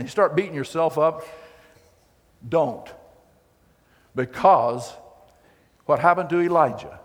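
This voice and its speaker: A man preaching a sermon as pastor, telling the story in a folksy, animated way with acted quotes. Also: fairly high pitch. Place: church hall. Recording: long hall reverb.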